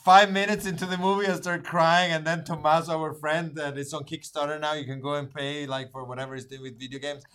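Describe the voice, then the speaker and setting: A man co-hosting a podcast, relaxed in casual chat, telling a story with chuckles. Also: a little high, a little fast, few pauses, clean tone. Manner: relaxed, plugs links, chuckles. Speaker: podcast co-host.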